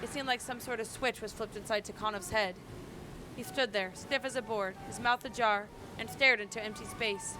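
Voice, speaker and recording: A woman's voice: fairly high pitch, normal speed, noisy background. Woman dramatically reading game text. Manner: dramatic reading with excited asides. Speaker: gaming streamer. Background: loud game music.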